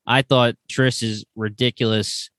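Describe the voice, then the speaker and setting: Guy rambling on a podcast, bright tone, dry sound. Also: mid-range voice, takes it slowly, no room sound. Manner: rambling, animated retelling. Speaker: podcast co-host. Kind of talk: casual chat.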